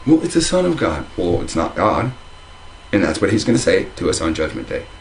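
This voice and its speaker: This religious video commentator has a low voice with vocal fry, and he talks briskly and very animatedly. Sitting at home indoors, he launches into a casual, heated rant about religion to camera, restarting and repeating himself as he goes. The recording is rough, with a little hiss or hum.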